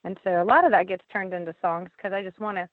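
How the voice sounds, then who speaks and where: A woman's voice: medium pitch, fast. A woman who writes a band's lyrics, talking casually in an interview, blunt and swearing freely, with lots of fillers. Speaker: band lyricist and singer. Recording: tinny phone-like line, dry.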